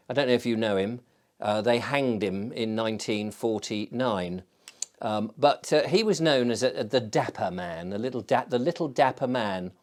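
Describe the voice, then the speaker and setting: A man's voice: mid-range voice, darkish tone. An Englishman chats alone in a loose, wandering way, drifting from one thought to the next. He pokes fun at himself and keeps the talk light, smoking a pipe at home as he goes. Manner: rambling, self-mocking, digressive. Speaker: show host. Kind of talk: casual solo chat.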